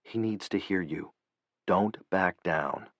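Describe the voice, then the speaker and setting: A calm female CIA director, as a male narrator puts her on in an audiobook. She speaks quietly and reassuringly. The sound is dry and close. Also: fairly low pitch, moderate pace, dry recording, lo-fi sound, natural voice.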